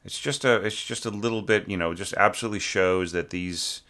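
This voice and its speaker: A man's voice: fairly low pitch, fairly quick, bright, forceful tone. A man teaching orchestration, reviewing a student's score in an informal, rambling way, often singing short syllables to show how notes should sound. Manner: thinks aloud, sings note shapes, many fillers.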